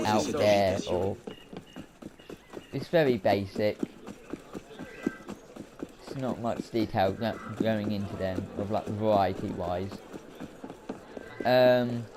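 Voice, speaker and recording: A man giving casual, rambling commentary while playing a video game, hesitating often with filler words. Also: on the low side. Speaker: let's play commentator. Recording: game audio noise behind voice.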